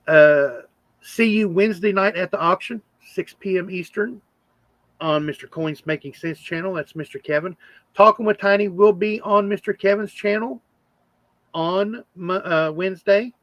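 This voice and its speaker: A man's voice: high voice, fairly bright tone, dry recording. A man hosting a coin channel livestream, chatty and openly emotional, laughing often. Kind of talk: casual livestream chat.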